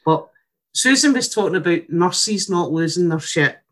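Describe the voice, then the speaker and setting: A woman's voice: on the low side, normal speed. Sweary Scottish woman telling a story. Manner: sweary, blunt, animated. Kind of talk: casual comic storytelling.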